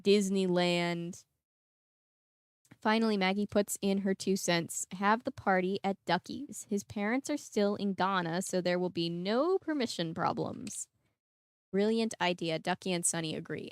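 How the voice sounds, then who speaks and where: Smooth-voiced woman reading a novel aloud. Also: lowish voice, no echo, studio quality. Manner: chatty asides, laughs at herself. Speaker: book reader and vlog host.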